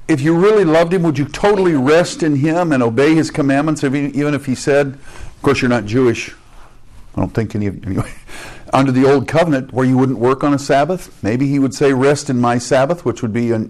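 A man's voice: mid-range voice, a little mellow. A male pastor preaching a sermon in a conversational way, with joking asides, restarts and rhetorical questions.

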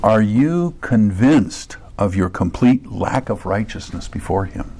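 A pastor preaches a sermon, earnest and direct, sinking low and quiet before surging into emphatic high bursts and sometimes voicing imagined listeners. He's animated, a little slow, with a breathy edge to his voice.

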